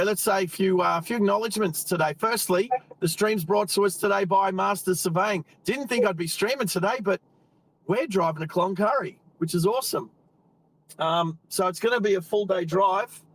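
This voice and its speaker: Australian man, fairly high voice, relaxed rambling live-stream chat, greeting viewers, talking while driving. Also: low-quality recording.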